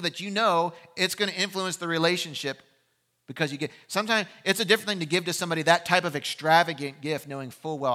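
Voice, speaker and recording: Bright-voiced male preacher. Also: fairly high pitch, fast talker. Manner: animated storytelling, acting out voices in a courtroom scene. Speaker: pastor. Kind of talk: sermon.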